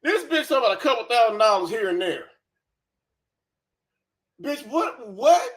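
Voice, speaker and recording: A man's voice: very high voice, sing-song, moderate pace, a bit bright. A man hosting a reaction commentary, profane, scornful and sarcastic. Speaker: commentary channel host.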